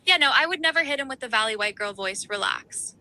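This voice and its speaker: A synthetic woman's voice with a calm, higher-pitched Valley Girl manner, speaking as an AI chatbot in a live call-in chat. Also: fast talker, noisy background. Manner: calm, even, composed delivery. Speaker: AI chatbot panelist. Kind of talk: live-stream call-in banter.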